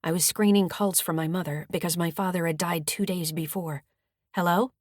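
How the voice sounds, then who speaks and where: A woman narrates a first-person audiobook in a calm, measured way, her voice sitting on the low side. The recording is dry and close, with no room sound. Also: dry recording. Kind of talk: scripted narration.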